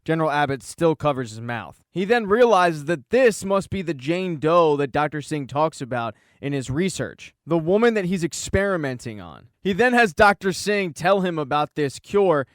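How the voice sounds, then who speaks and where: A man hosting his channel, telling a TV episode recap as scripted narration in a brisk storytelling way. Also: fairly high pitch, dry recording, clean studio sound. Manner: brisk storytelling, reading quoted dialogue in his own voice. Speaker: channel host.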